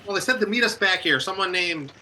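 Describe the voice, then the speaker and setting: Guy putting on a high bright nervous merchant, stammers and apologizes a lot. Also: expressive, fast talker, slight background noise, heavily acted, rough recording. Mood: apologetic. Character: nervous fussy male merchant.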